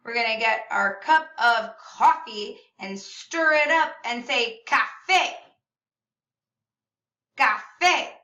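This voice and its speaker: Bright, slow-talking woman teacher, echoey room. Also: on the high side, animated, dull audio. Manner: upbeat, slow and clearly enunciated, modeling words for repetition. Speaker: Spanish teacher. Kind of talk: video lesson for kids. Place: classroom or room at home. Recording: echoey room, slightly far from mic.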